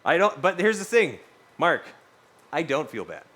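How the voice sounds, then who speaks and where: A man's voice: fairly high pitch, moderate pace. A young man livestreaming in casual chat, rambling and cursing freely as he talks to his viewers. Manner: rambling, animated, swears freely.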